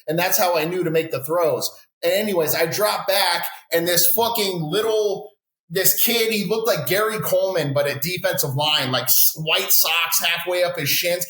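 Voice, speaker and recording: Profane storytelling man, bright echoey sound. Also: fairly high pitch. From Texas. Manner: profane, rambling, animated. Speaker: podcast guest. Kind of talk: casual storytelling. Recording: roomy echo.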